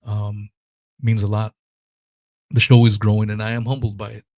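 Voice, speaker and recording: A man's voice: on the low side, little pitch movement, normal speed, darkish tone, no echo. A man hosting his own podcast, ranting in a blunt, heated, profane casual monologue. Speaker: podcast host.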